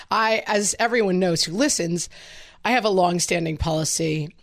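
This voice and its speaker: Jokey, animated mom podcast co-host. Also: female voice, fairly low pitch. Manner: animated, jokey, dramatic retellings. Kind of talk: casual parenting chat.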